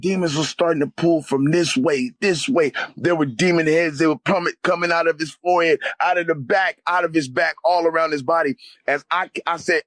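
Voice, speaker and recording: A man's voice: on the high side, a little fast, fairly bright tone, dry recording. A man, a guest on the show, telling an emotional spiritual testimony in a fervent, vivid way and often calling his listener "man" or "brother".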